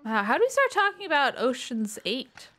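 A woman's voice: high voice, huge pitch swings, moderate pace, bright, forceful tone. Playful giggly woman streamer. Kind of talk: casual gaming stream chat.

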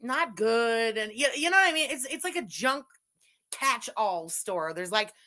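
A woman's voice: a little high, lively intonation, unhurried, sharp tone. A woman from Canada giving profane, sarcastic commentary while reacting to a video. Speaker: commentary streamer.

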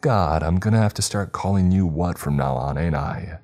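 A man's voice: deep voice, moderate pace, mellow. A man voicing a cruel, mocking unseen spirit who claims to be the narrator's brother, with a sneering, taunting manner.

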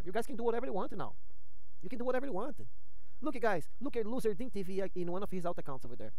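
A man with a high, bright voice races through an excitable rant and trips over his grammar as he goes. His sound is dry and close, with no room in it at all. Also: no echo. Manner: excitable, ranting, non-standard grammar. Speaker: streamer. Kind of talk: heated livestream rant.

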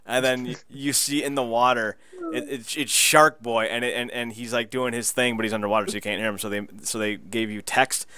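A man co-hosting a podcast, excitedly recapping a show in casual chat, laughing and swearing as he goes. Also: mid-range voice, brisk, smooth. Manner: excitable, laughing, profane storyteller. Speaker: podcast co-host.

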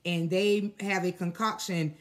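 A woman's voice: lowish voice, steady tone, measured pace. A woman hosting a casual live stream, chatty and laughing, with lots of fillers. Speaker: host.

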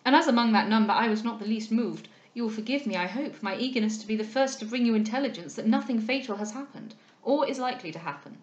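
A woman voicing a courteous, formal gentleman from a period novel, measured and polite. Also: fairly high pitch, expressive, lo-fi sound, close to an everyday voice. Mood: earnest. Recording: roomy echo.

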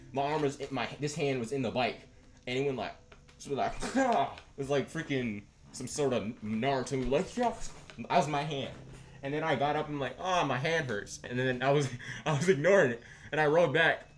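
A young man giving casual, slangy commentary while playing a game, chatting excitedly and reading in-game text aloud. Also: medium pitch. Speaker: gamer. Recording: faint game music behind.

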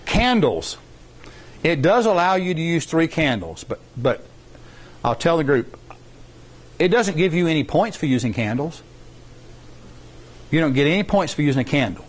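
A man's voice: on the high side, big pitch swings, normal speed, pauses often. A middle-aged man, explaining rules to students in an informal, rambling workshop style and repeating points for emphasis. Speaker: science competition workshop instructor.

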